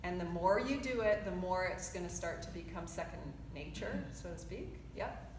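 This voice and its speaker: A woman coaching a choir section through a vocal warmup, encouraging and chatty, quick to laugh. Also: lowish voice, animated. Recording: roomy sound with background noise.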